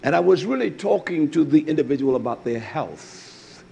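A man preaching a fiery sermon, swinging from loud outbursts to low murmurs, with a husky voice. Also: expressive, normal speed, slight background noise.

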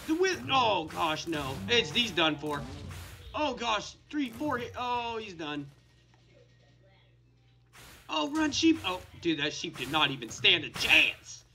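A young man hosting a gaming video, giving excitable casual commentary and shouting at the screen. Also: on the high side, measured pace.

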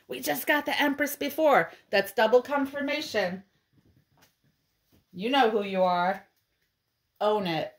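A woman giving a tarot card reading to her viewers, speaking in a slow, soothing, encouraging way. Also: medium pitch, expressive. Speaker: tarot reader.

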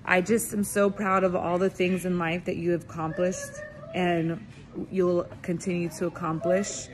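A woman's voice: fairly low pitch, flat delivery, measured pace, noisy background. A woman, a mother giving a heartfelt recorded message, tender and fighting back tears.

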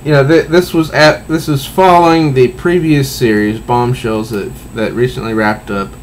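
A man's voice: medium pitch, fairly even intonation, moderate pace, a little hiss or hum, rough recording. A man casually reviewing a comic book, rambling with frequent restarts. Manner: rambling, many restarts, easygoing.

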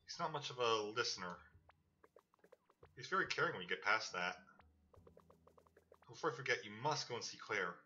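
A man's voice: medium pitch, lively intonation, moderate pace, long pauses, bright, forceful tone. A man voicing a friendly young woman villager who gushes with enthusiasm. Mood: bubbly gushing. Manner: gushing, enthusiastic. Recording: slightly muffled with game music.

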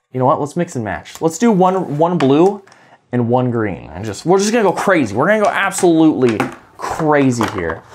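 A woman's voice: deep voice, darkish tone, slight background noise. A woman casually demonstrating a toy robot at a table, chatting and gushing, cooing at it in baby talk, recorded on a handheld camera. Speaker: toy reviewer. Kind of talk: casual hands-on demo.

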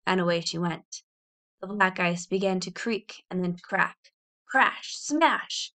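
A woman reading a children's novel aloud in a clear, expressive storytelling voice. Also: fairly low pitch, normal speed. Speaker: audiobook reader.

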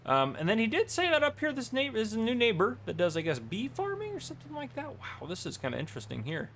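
A man's voice: extremely high pitch, huge pitch swings, fast talker, a bit bright, a little hiss or hum. A man casually commenting on his farming game, easygoing and rambling with lots of fillers. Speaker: gameplay channel host.

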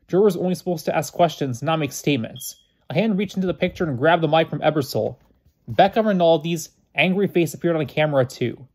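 A man reads a novel aloud in a plain, unpolished way. His voice sits a little higher than most men's. He often trips over words and goes back to restart them. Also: fast, darkish tone. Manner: plain reading with frequent slips and restarts. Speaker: reader.

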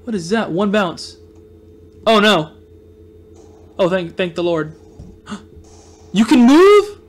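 A young man giving casual let's play commentary, excitable and self-mocking, yelping and groaning at every shot. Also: high-pitched, slow, a little hiss or hum. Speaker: gaming video host.

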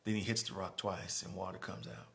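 A man preaching a sermon as pastor in a church, moving from quiet, conversational speaking to raised, emphatic preaching. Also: deep voice, flat delivery, brisk, gravelly. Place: church sanctuary.

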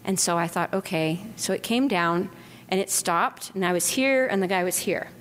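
A middle-aged woman from Southern California telling lively stories to an audience as an author giving a talk, acting out quotes with whispers. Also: fairly low pitch, normal speed. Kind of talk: anecdotal storytelling to an audience. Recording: lecture hall with long reverb, faint noise.

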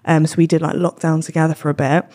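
A woman's voice: deep voice, flat delivery, quick pace, warm tone. A woman, hosting a casual podcast chat in a rambling, self-deprecating way. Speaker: podcast host.

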